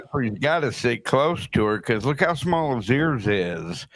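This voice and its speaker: Male podcast guest, middle pitch, crude and fixated humor. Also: expressive, measured pace, a bit bright. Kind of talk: casual chat.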